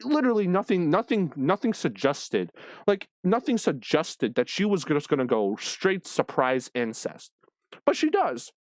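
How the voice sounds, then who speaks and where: A man's voice: on the high side, unhurried, no echo. A man ranting casually about a comic he read, swearing constantly and sounding exasperated. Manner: profane, animated, exasperated. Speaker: manga reviewer.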